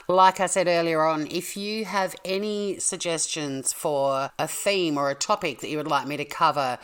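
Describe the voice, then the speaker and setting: Aussie woman podcast host, low voice, jokey and chatty, going off on little tangents. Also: a bit bright. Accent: Australian. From Australia. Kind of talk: casual podcast storytelling.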